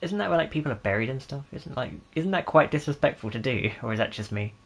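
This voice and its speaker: A man's voice: mid-range voice, expressive, fast, creaky, fairly bright tone. Sarcastic man doing game commentary. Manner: sarcastic, jokey, talks to himself and viewers. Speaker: gaming YouTuber. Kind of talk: casual gameplay commentary.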